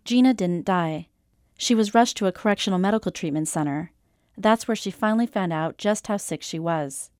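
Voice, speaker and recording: A woman's voice: medium pitch, normal speed, a little mellow, dry recording, soft background music. Woman narrating a news documentary.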